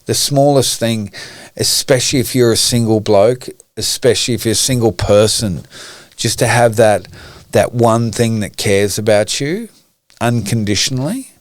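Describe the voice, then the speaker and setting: A man's voice: fairly low pitch, normal speed, no room sound. A middle-aged man, a podcast guest talking candidly and emotionally, swearing often. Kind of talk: candid conversation.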